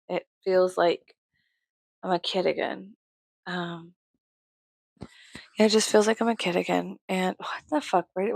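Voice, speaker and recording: A woman vlogger ranting in a casual, rambling way, full of swearing, jumping from loud outbursts to low mutters. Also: creaky, no echo.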